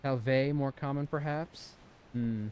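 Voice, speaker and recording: A young gaming streamer from Southern California gives joking let's-play commentary, swearing and bantering with chat. His mid-range voice is steady, measured and a little mellow, with slight background noise.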